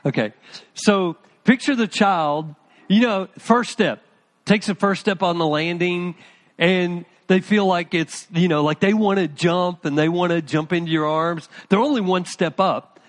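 A man's voice: sits high, measured pace. A middle-aged man, a pastor, preaching a conversational sermon and talking to his congregation by name.

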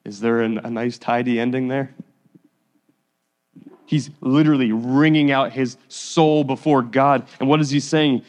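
Earnest pastor preaching in a reverberant hall. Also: male voice, mid-range voice, steady tone, darkish tone. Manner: earnest, pleading, reads scripture slowly. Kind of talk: sermon.

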